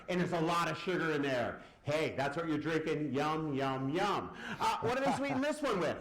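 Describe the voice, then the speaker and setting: A man giving a live physics demonstration lecture, firing questions at the audience and answering them himself. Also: very high voice. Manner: lively, quizzes the audience and answers his own questions. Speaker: science lecturer. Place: large lecture hall. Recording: echoey lecture hall.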